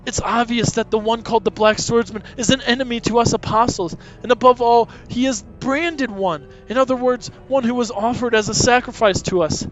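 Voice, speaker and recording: A man's voice: very high-pitched, moderate pace, few pauses. A man reading the lines of a bloodthirsty male demon soldier in an eager, hungry way, on dull lo-fi audio. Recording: dull lo-fi audio, faint music.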